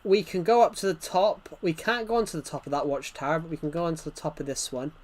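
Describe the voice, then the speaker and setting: A man's voice: fairly high pitch, fairly even intonation, fast, darkish tone. A man streaming gameplay live, rambling chattily and answering chat messages, his nose bothered by hay fever.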